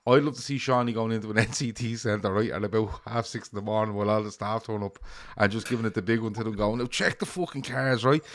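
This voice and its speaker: A man hosting a casual football chat, animated and sweary, with stammering restarts. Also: lowish voice, quick pace, no echo, clean studio sound. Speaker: podcast host.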